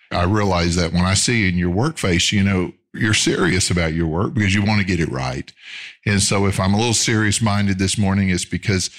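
Preaching in a deep voice, this middle-aged male pastor keeps his sermon earnest and measured. He eases his pace whenever he wants a key phrase to land.

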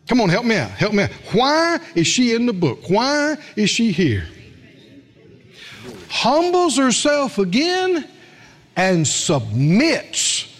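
A man's voice: a little high, husky. A man preaching a sermon as pastor, folksy, calling on the congregation to respond.

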